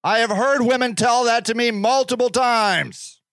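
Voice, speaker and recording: In an unhurried, very high, slightly bright voice with no room sound, a man hosts a podcast. His talk is a ranting monologue, passionate, sarcastic, and full of indignation.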